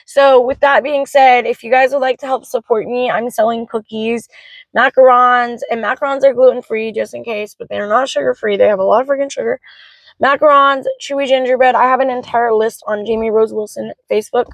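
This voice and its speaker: High-voiced woman venting frankly. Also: steady tone, brisk, no echo, low-quality recording. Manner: vents in a frank, swearing rush. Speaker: vlogger, mother of three. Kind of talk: emotional vlog rant.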